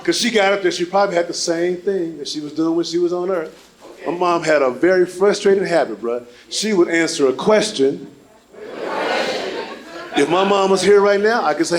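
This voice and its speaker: A man performing a stand-up comedy set on a club stage, animated and shouting his punchlines. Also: high voice, normal speed, noisy background. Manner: animated, loud punchlines, slips into voices for characters. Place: comedy club stage before a live audience. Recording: live stage mic with crowd laughter.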